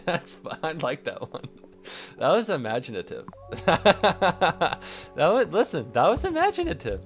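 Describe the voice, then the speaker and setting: A man streaming casually, sarcastic and swearing often, swinging from mock-angry rants to quiet deadpan asides, sounding tired and stressed. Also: mid-range voice. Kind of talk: casual live-stream chat.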